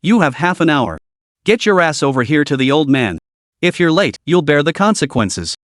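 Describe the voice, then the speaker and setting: A male narrator voicing a gruff, scolding old male director who talks in a stern, blustering way. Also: fairly high pitch, big pitch swings, normal speed, a bit bright, no room sound, studio quality.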